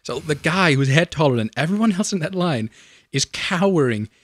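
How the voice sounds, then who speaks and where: A young man in his twenties telling a funny story in casual chat, animated and laughing often. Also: moderate pace, dry recording, studio quality. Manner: animated, laughing, shrieks in high voice when reenacting screams.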